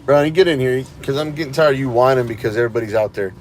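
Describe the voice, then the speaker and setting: A man's voice: medium pitch, rapid-fire, a little hiss or hum. A tired man vlogging from inside his parked car, rambling to viewers with sarcastic asides. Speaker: cop-watch vlogger. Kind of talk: casual running commentary to viewers.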